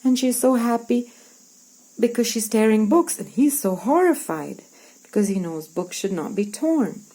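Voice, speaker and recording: A woman's voice: medium pitch, sing-song, moderate pace, mellow, rough recording. A woman teacher reading a storybook aloud to young pupils and acting out its lines as she explains words.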